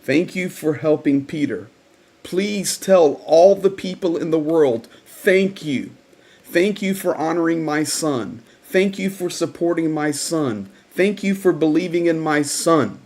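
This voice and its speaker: An elderly South African mother, grieving and grateful, who pours out her thanks in a lifted voice, as a man puts her on. She speaks slowly and earnestly, with a South African accent. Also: on the high side, animated, a little mellow, voice pushed up. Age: 80s.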